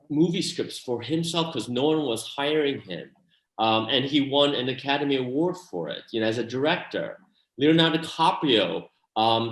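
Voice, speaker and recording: A man, an actor and playwright, giving earnest, animated answers in an interview, with many restarts and asides. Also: mid-range voice, roomy sound, poor audio.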